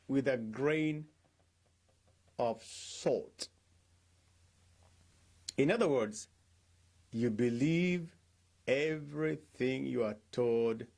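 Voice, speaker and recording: Middle-aged man, pastor, slow and deliberate delivery, very expressive pitch, questions his listeners and acts out quotes. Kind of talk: devotional talk.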